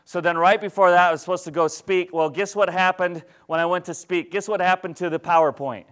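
Candid male pastor, smooth higher voice. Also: fairly even intonation, brisk, few pauses, fairly bright tone. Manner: candid, conversational, asks the congregation rhetorical questions. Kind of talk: storytelling sermon.

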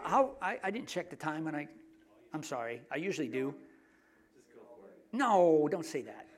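A middle-aged man preaching a sermon in a conversational, joking way, often dropping his voice to hushed asides. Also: on the high side. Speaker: pastor.

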